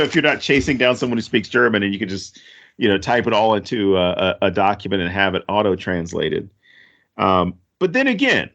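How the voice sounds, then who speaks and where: A man co-hosting a podcast, chatting casually about a movie, rambling and jokey with animated asides. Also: mid-range voice, lo-fi sound. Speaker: podcast co-host.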